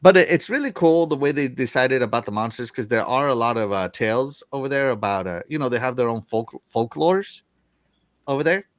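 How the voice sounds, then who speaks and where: A man's voice: mid-range voice, lively intonation, a little fast, no room sound, studio quality. A man hosting a gaming news show, chatting casually in a rambling way and laughing often. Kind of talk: casual panel chat.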